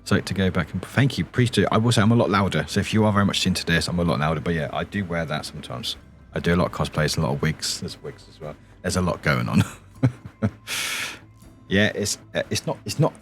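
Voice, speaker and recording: A British man speaks a little fast over soft background music during a late-night stream. His voice is deep and quiet like a morning voice, and he rambles and giggles while answering chat.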